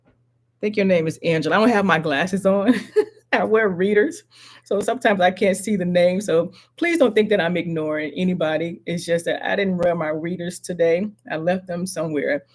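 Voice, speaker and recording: Close to the mic, a middle-aged woman runs a motivational live stream in a lowish voice. She's slow and earnest, circling back over every affirmation as though addressing one viewer.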